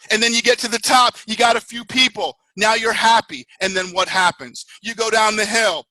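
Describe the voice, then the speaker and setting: A man delivers a motivational talk as a network marketing mentor, in an animated, storytelling way. His voice sits high and sounds bright and forceful. The recording is dry and close. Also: moderate pace, no echo, poor audio. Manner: animated storytelling, acts out screaming riders.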